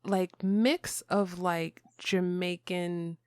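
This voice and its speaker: A woman hosting a podcast interview, asking thoughtful questions in an unhurried way. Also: on the low side, little pitch movement, clean tone, dry recording, studio quality. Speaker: podcast host. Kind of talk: conversational interview.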